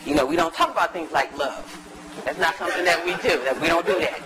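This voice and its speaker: A woman academic giving a lively, chatty talk to a live audience in a university lecture room, teasing the listeners as she goes. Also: on the low side, fast talker, creaky, slight background noise, rough recording. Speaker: guest lecturer, academic psychologist.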